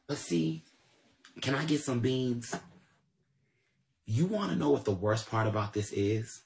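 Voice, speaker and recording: A man's voice: mid-range voice, lively intonation, unhurried, vocal fry, long pauses, a little mellow. Confrontational ranting man with AAVE speech. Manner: confrontational, repetitive, profane. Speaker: livestream commentator. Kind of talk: ranting livestream commentary.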